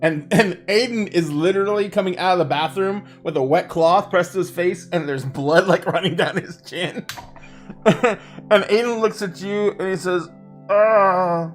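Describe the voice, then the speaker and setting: A woman's voice: lowish voice, moderate pace, faint music behind. A woman running a tabletop role-playing game as game master, narrating with frequent laughter. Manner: laughs often while narrating.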